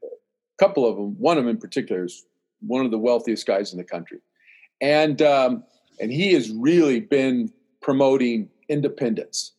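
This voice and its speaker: A man's voice: medium pitch, moderate pace, breathy edge. An older man telling a long story in casual chat, acting out what others said, with many restarts. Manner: animated, acts out dialogue, rambling restarts.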